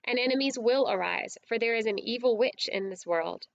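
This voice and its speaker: A woman voicing a solemn, kingly male lion who speaks in a grave, measured, commanding way, read from a storybook. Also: fairly high pitch, gravelly, lo-fi sound.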